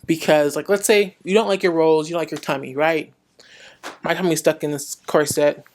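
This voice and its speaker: A woman's voice: low-pitched, fairly even intonation, normal speed, darkish tone, a little hiss or hum. A young woman speaking frankly in a casual vlog, giving blunt advice and acting out little conversations.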